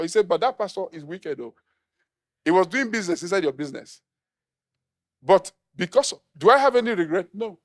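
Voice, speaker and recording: A middle-aged pastor from Nigeria preaches with humor, acting out the people he quotes. His voice sits high for a man and swings widely up and down as he drives his points home. It is an animated sermon delivery throughout. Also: fairly quick, long pauses.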